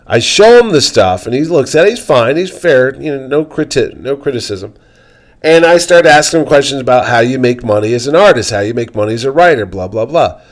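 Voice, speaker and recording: A man telling a story on a podcast in a loose, chatty way, slipping into the voices of the people involved. His voice is animated and unpolished. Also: medium pitch. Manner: animated, acts out quoted voices. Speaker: podcast host. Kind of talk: casual storytelling.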